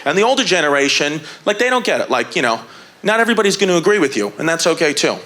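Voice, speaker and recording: A man's voice: a little high, very animated, quick pace, sharp tone. A man doing a stand-up set on a comedy stage, riffing brashly with profanity and mimicking his father on a handheld mic. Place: comedy stage before a live audience.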